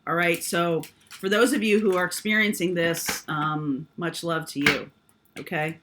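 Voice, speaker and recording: A woman's voice: lowish voice, steady tone, a little slow, noisy background. A woman giving a casual spiritual tarot reading, rambling and often checking in with "okay?". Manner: meandering, frequent "um" and tag "okay?". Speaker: tarot reader.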